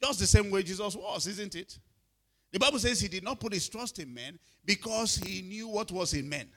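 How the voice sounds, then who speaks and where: A man's voice: high-pitched, lively intonation, normal speed, a bit bright. A middle-aged man preaching a sermon, often asking if listeners are following and repeating his words. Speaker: pastor.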